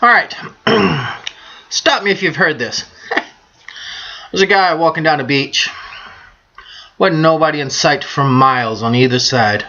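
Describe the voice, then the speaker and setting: A woman's voice: sits low, animated, slow, long pauses, pushed and bright, muffled recording. A woman vlogging casually over a beer, telling crude jokes in a brash, joking manner. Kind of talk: casual beer-drinking vlog with bawdy jokes.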